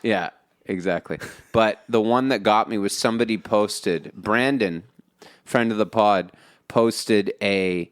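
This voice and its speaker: A man co-hosting a podcast over a call, talking in a loose, rambling way with lots of laughter. His voice sits a little low, and now and then he acts out film lines. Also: takes it slowly, smooth. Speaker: podcast co-host. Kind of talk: casual chat. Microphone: remote call.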